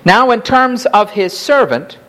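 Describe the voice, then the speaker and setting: Animated high-voiced male preacher. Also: measured pace. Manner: dramatic, emphatic storytelling with rising outbursts. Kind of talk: sermon.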